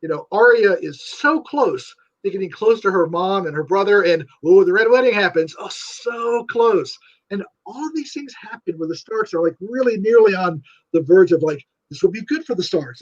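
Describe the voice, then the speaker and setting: A man chatting as an interview guest, animated and rambling, full of fillers and big swings of emphasis. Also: sits high, normal speed, dull audio. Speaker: guest writer. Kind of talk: enthusiastic casual interview chat.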